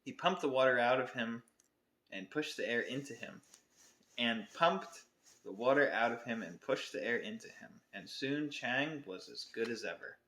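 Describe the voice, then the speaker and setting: Bright-voiced man reading a storybook. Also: medium pitch, moderate pace, a little hiss or hum. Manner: expressive storybook reading, self-correcting asides. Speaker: podcast co-host reading aloud. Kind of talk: reading a picture book aloud. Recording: roomy echo.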